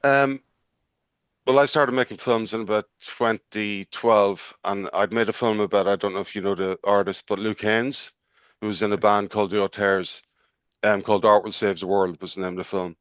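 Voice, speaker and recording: A man's voice: on the low side, fairly even intonation, moderate pace, a bit bright, clear, resonant tone, no echo. A man, a filmmaker guest, answering questions in a hesitant, modest way. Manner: hesitant, modest, lots of ums. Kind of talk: interview answers.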